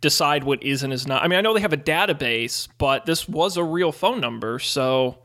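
A male podcast co-host in casual chat, telling a story in an animated, expressive way. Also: a little high, a little fast.

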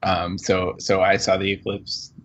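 A man's voice: deep voice, monotone, measured pace, lo-fi sound. A man chatting on a podcast, rambling and hedging through his answers with self-deprecating humor. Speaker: podcast co-host. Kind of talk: casual podcast chat.

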